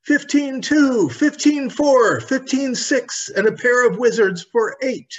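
A man's voice: animated, slow pace, full character voice. Man doing a cheerful little girl. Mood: gleeful. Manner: high, bright and eager. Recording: dull lo-fi recording.

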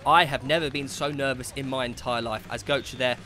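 A young man giving lively, chatty commentary on an amateur football match, shouting at the big moments. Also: medium pitch, a little fast.

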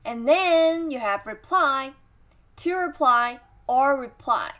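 A woman teaching vocabulary, drilling each word slowly and asking the listener to repeat after her. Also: high-pitched, expressive, fairly bright tone. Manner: slow, drawn-out repetition of words and tones. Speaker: Mandarin teacher.

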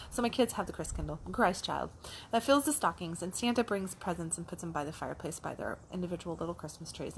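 Middle-aged woman, kinda low voice, chatty animated story, bit of hiss behind. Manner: animated, acts out a child's voice and her own in quotes. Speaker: life coach. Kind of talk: casual storytelling vlog.

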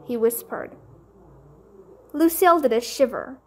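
A woman reads a children's chapter book aloud, her voice high and light. She goes slowly and gently, shaping each sentence with expression. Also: expressive. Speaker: storybook reader.

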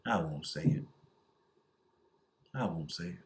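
A man's voice: low voice, unhurried, a little hiss or hum. A man giving a Christian commentary in an earnest, emphatic preaching manner.

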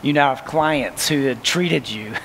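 A young man gently interviewing his mother on stage at a camp, affirming and warm in his words. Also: medium pitch, measured pace, a little hiss or hum, rough recording. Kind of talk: onstage interview.

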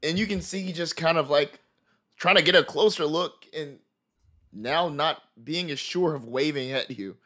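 A man with a slightly high voice narrates a tabletop horror game as its game master. He talks in a loose, conversational way, full of fillers. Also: moderate pace, a bit bright.

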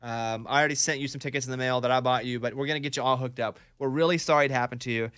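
A man's voice: mid-range voice, fairly even intonation, very fast, fairly bright tone, clean tone, no room sound, studio quality. A man hosting a morning radio show, chatting upbeat with a caller and a guest. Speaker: radio host. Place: radio studio. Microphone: studio mic.

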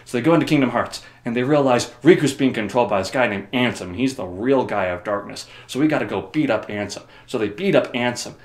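Man, comedic story summary, rambling, jokey, animated, roomy echo. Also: medium pitch, quick pace, hardly any pauses. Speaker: video creator.

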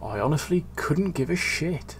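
A man hosting a casual gaming commentary, dry, deadpan and sweary. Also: on the high side, moderate pace, slight background noise. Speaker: host.

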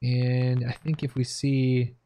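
A man giving lively, joking play-by-play commentary over tactical shooter gameplay as the channel host. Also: mid-range voice, slow pace, background noise.

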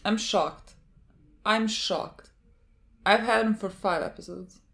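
A young woman hosting an anime reaction, chatting casually, excitable and swearing a lot. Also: mid-range voice, slow, gravelly. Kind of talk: casual chat.

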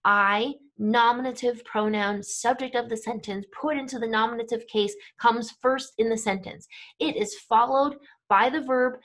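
A woman teaching German grammar to camera, explaining step by step and checking in with the viewer. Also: on the high side. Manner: clear explanatory, checks in with "right?" and "okay?".

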